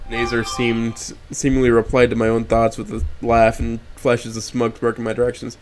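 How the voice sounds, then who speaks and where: A man's voice: medium pitch, completely flat delivery, moderate pace, hardly any pauses, background noise. A young man streaming, reading a story aloud in first person with blunt, profane asides. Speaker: streamer reading a visual novel.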